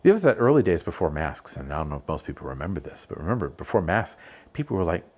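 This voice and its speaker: A man as a podcast guest in casual conversation, an animated storyteller who laughs often. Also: low-pitched, quick pace.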